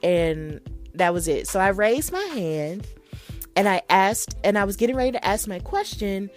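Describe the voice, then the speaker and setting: An excitable woman hosts her podcast alone, rambling happily through a story with plenty of likes and ums. Her voice sits in a middle register, and faint music plays underneath. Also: medium pitch, moderate pace. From Alabama, USA. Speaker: podcast host. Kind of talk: casual solo storytelling.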